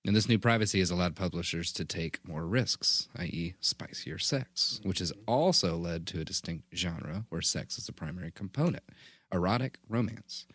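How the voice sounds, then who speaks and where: A man co-hosting a podcast, reading research notes aloud in a steady, plain delivery. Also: sits low, moderate pace, slightly rough, dry recording. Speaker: podcast co-host.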